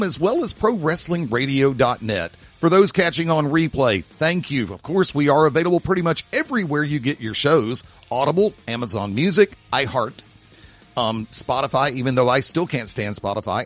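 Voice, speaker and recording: Chatty male radio host, hoarse voice. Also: on the high side, lively intonation, normal speed, faint music behind. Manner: chatty, jokey asides, self-promoting. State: losing his voice. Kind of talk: casual radio show outro with plugs.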